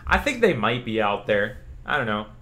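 A man's voice: fairly low pitch, normal speed. A young man from Louisiana, a streamer in casual chat with his viewers, talking in a loose, rambling way with lots of "like". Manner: chatty and relaxed, answers chat questions, says "like" a lot.

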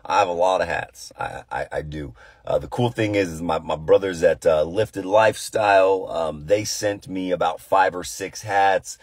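A man with a very low, husky voice leads a prayer and then chats informally through a devotional. He sounds earnest and a bit tired, often pausing on fillers and starting sentences over. The sound is close and dry, with no room echo. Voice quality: deep, tired voice. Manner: earnest, conversational, with frequent fillers and restarts. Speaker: pastor. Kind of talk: prayer and casual devotional talk.

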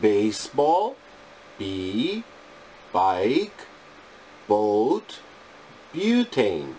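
A male English teacher reciting phonics sounds and words one at a time in a deliberate, clipped drill. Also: on the low side, wildly swooping pitch, warm tone, a little hiss or hum.

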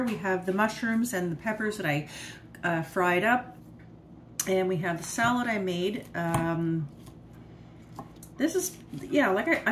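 A woman's voice: mid-range voice, a little hiss or hum. A woman in a casual home cooking vlog, chatting and praising her own food while she eats on camera. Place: home kitchen.

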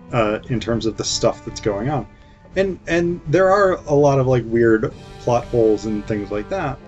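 A man with a medium-pitched, darkish voice gives casual film commentary. He's flippant and chatty as a film reviewer, using lots of fillers, on a dull lo-fi recording with faint music.

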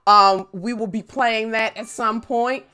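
A young woman live-streaming a game, chatting casually with viewers, playful and profane, breaking into loud squeals when she greets people. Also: fairly high pitch, steady tone, measured pace, clean tone. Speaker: gaming streamer.

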